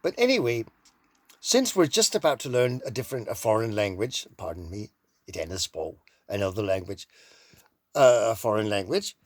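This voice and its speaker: A man's voice: lowish voice, sing-song, normal speed, dry recording. A man from Denmark with a Danish accent, rambling playfully through a personal monologue. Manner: playful, drifts into mock accents and silly sounds. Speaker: vlogger.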